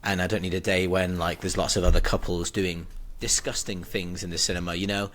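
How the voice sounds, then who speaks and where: Male podcast co-host, lowish voice, loose rambling banter. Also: level tone, a little fast, a bit bright. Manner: rambling, talks over his co-host. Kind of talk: casual chat.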